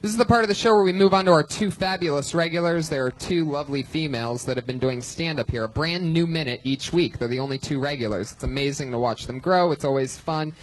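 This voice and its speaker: A man hosting a live comedy show, telling stories in an animated, laughing way. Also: on the high side, fast talker, hardly any pauses, poor audio. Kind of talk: live comedy panel banter. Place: live comedy club stage.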